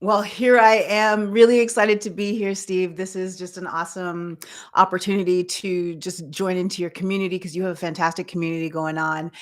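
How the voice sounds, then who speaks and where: Woman, Canadian accent, podcast guest, slightly low voice, enthusiastic, polished. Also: level tone, brisk. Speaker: guest, personal branding strategist. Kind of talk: podcast interview.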